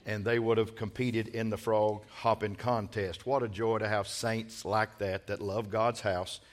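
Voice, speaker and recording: A man's voice: lowish voice, level tone, unhurried. Male pastor, sermon from the pulpit, call-and-response, emphatic build. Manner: preacher leading call-and-response, builds to loud emphatic peaks. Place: church sanctuary.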